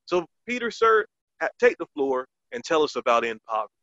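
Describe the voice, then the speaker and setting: A man's voice: fairly high pitch, very animated, a little fast, fairly bright tone, dry recording, dull audio. A man hosting a Christian podcast, talking earnestly and eagerly, opening with a prayer and reading verses, with many fillers. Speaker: podcast host.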